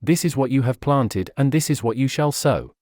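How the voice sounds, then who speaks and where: A scornful, plump baron who sneers at everyone he speaks to, as a man reads him in a storybook. His voice is mid-pitched, and the recording is dry and close. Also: animated, moderate pace, a little mellow, no echo, natural voice. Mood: sneering. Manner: sneering, raging.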